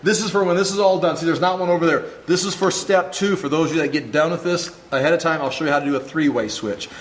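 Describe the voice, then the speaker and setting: Speaking quickly in a somewhat high voice, a man walks his students through a hands-on wiring class, making sure they follow each step he explains. It's recorded in an echoey classroom workshop with a little faint noise.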